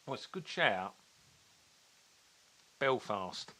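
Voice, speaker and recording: A man co-hosting a podcast, telling stories and trivia in animated casual chat. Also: fairly low pitch, slow. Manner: animated storyteller, fond of teasing trivia. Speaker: podcast co-host.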